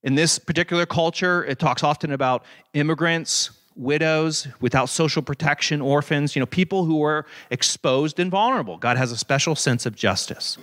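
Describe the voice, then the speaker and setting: A man preaching a sermon in an animated, conversational way, with dramatic scripture readings. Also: a little high, normal speed, few pauses. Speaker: pastor.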